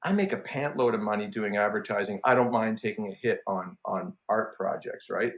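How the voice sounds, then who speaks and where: A middle-aged man, a composer, telling stories in a casual interview, self-deprecating and halting, with many restarts. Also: lowish voice. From Canada. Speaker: film and TV composer, guest.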